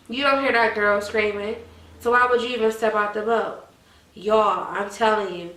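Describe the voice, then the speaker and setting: A woman's voice: on the high side, reverberant, recorded from a distance, poor audio. A woman, chatting animatedly to her viewers in a casual commentary. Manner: animated, addresses viewers as y'all. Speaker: vlogger.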